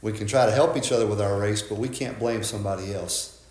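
A man's voice: on the low side, fairly even intonation, fast talker, a little mellow, roomy sound, a little hiss or hum. A man preaching a sermon as a pastor, conversational and folksy, often asking "right?" and restarting his words.

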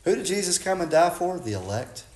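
Impassioned high-voiced preacher man. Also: very animated, a little fast, roomy sound. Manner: impassioned, swinging from loud cries to hushed tones. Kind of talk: sermon.

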